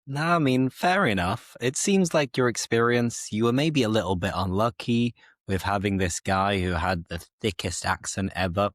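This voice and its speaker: A young man hosting a slow, clear conversation for English learners, speaking in a measured, reflective, explanatory way. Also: fairly low pitch, no echo, studio quality. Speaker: English teacher, host.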